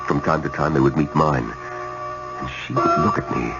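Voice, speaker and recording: An actor playing a brooding man who narrates in a measured, musing way in a 1970s radio drama. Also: very deep voice, steady tone, creaky. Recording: lo-fi old radio with loud music. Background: loud music score.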